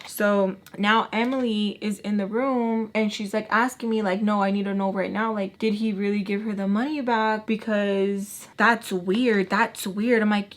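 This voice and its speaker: A young woman vlogger chatting through a casual storytime, full of "like" fillers and sudden jumps in pitch as she acts out what people said. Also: fairly even intonation, a little fast, few pauses. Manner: lots of "like" fillers, swears casually.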